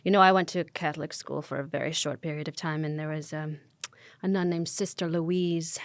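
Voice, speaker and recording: A woman on a comedy podcast telling a short anecdote in a quiet, low-key way. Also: fairly even intonation, brisk, dry recording. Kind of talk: casual comedic chat.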